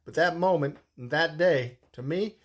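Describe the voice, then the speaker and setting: Man, 60s, husky voice, casual storyteller, profane, rambling. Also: fairly high pitch, unhurried.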